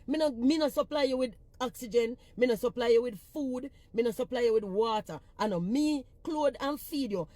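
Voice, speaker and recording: A woman's voice: a little high, moderate pace, hardly any pauses, mellow, dry recording. A woman with a Jamaican accent ranting on a phone livestream, blunt and profane as she scolds her commenters. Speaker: social media personality.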